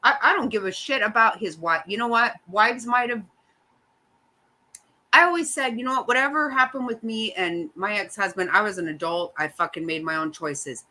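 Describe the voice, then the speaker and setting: A woman's voice: mid-range voice, normal speed, sharp tone, poor audio. A middle-aged woman hosting a casual chat, ranting bluntly and swearing often. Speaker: host.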